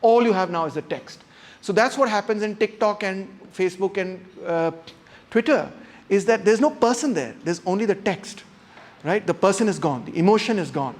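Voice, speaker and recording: A man giving a classroom lecture, talking straight to students without a microphone and acting out intonation with emphatic, animated delivery. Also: high-pitched, moderate pace. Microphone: no microphone, unamplified voice.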